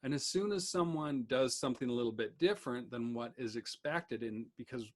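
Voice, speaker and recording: Chatty man teaching a music lesson. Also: mid-range voice. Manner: quick, chatty explaining with many fillers. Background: guitar playing.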